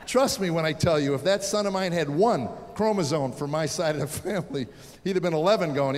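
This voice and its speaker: A high-pitched man in his fifties from the United States, working a stand-up set on a big stage into a microphone. He tells his stories animatedly and slips into the voices of the people in them. His voice rings with the long reverb of a large hall. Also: animated, brisk, a crowd in the background. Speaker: stand-up comedian. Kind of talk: stand-up comedy.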